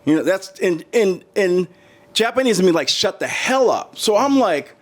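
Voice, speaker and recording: A man's voice: high-pitched, moderate pace. A middle-aged man from the United States, a guest in a casual interview, telling stories with lots of restarts and acting out the voices of the people in them. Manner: animated, acts out quoted voices, many restarts.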